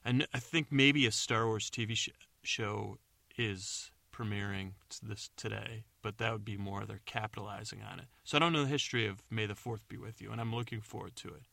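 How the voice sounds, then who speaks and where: A man with a low, gravelly voice that still has a bright, forward edge. He rambles through a bedtime story, doubting himself and wandering off into asides. The recording is close and dry. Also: brisk, no echo. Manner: meandering, self-correcting, unsure asides. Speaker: podcast host.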